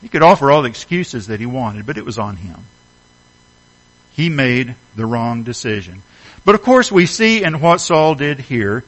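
Lively, emphatic man preaching a sermon. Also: medium pitch, rough recording. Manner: earnest, emphatic preaching with rhetorical questions. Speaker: pastor.

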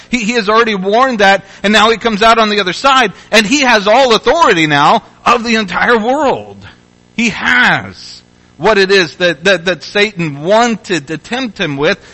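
Bright-voiced male preacher, conversational sermon. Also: high voice, poor audio. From Louisville, Kentucky. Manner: conversational, with restarts and rising exhortations. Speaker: pastor.

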